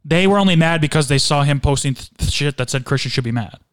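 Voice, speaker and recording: A man's voice: fairly high pitch, fast talker, smooth, no echo, studio quality. A man co-hosting a casual podcast from an apartment, joking and arguing, often losing his words mid-sentence. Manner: joking, argumentative, trails off searching for words. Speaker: podcast co-host. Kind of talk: casual chat. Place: small apartment room.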